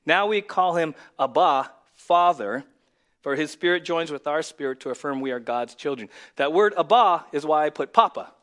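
A male pastor preaching a sermon, dropping to a near whisper and then rising to loud, emphatic lines. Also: on the high side, lively intonation, normal speed. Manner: swings from hushed to loud and emphatic.

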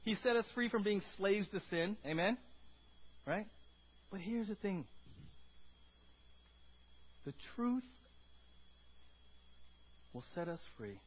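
A man's voice: high voice, sing-song, slow, pauses often, breathy edge, highs cut off. A male pastor giving an emphatic sermon at a church service, asking the congregation questions. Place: church service before communion.

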